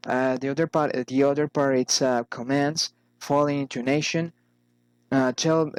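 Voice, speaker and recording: A man reading English pronunciation drills aloud, careful and halting, with frequent pauses. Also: a little high, steady tone, smooth, dry recording, poor audio. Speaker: English learner.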